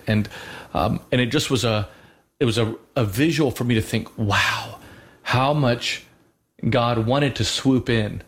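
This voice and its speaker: A man co-hosting a Christian show, speaking earnestly in a halting way, often restarting as he teaches and tells a personal story. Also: mid-range voice. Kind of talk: faith talk with personal storytelling.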